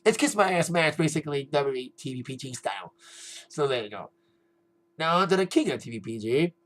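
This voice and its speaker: A man's voice: a little high, expressive, fairly quick, fairly bright tone, rough recording. A young man giving a casual, rambling spoken review, often repeating himself and laughing now and then. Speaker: wrestling show reviewer.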